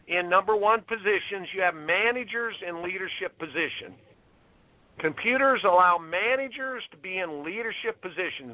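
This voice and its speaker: A male tennis coach, a guest, talking with emphatic indignation and repeating himself as he makes his points. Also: high voice. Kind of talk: impassioned interview talk. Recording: tinny phone line.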